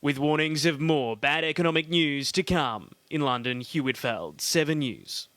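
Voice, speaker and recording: A man narrates a news report from abroad, and he leans on words with deliberate emphasis. His voice sits slightly high for a man. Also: fairly bright tone, no echo. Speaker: foreign correspondent.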